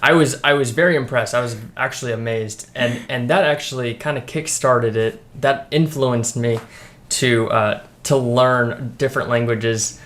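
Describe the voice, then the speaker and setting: A young man from the United States, a guest in a casual chat with a friend. He talks in a relaxed way with a mid-range voice, though he hesitates often and restarts his sentences. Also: mid-range voice, moderate pace. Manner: hesitant, many ums and restarts.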